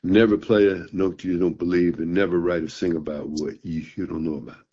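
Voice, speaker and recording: A man voicing a stern old one-eyed male blues master who talks in a gruff, teasing way. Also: sits low, fairly even intonation, fairly quick, mellow, a little hiss or hum, natural voice. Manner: gruff, teasing, calls the listener boy. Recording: dull, muffled recording.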